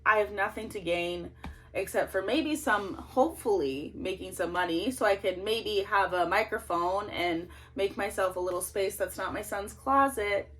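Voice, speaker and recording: A woman's voice: mid-range voice, normal speed, a bit bright, faint music behind. A woman in her thirties vents straight into her camera, indignant and ranting, her voice swinging sharply up and down as she talks. She has no proper microphone and records in a cramped closet at home. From Canada. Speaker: political vlogger. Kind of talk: emotional monologue to camera. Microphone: no microphone, camera's built-in mic.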